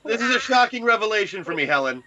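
A man's voice: sits high, very animated, quick pace, sharp tone. A man playing a tabletop game, teasing the others with wry jokes. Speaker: player. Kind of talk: casual tabletop game chat. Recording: dull lo-fi audio with background noise.

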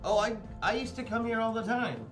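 Higher-pitched joking male player. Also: expressive, a little fast, soft background music. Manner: playful, jokey. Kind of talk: casual tabletop play.

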